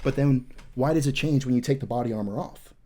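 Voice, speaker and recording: A young adult man who is a veteran hosts a podcast, telling a war story fast in a mid-range voice with a dark tone. He is profane, intense, and rambling, with frequent fillers.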